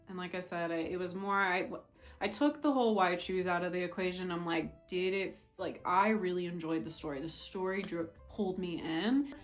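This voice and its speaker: A woman chatting casually as a book vlogger, rambling with restarts as she reviews her reads. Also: lowish voice.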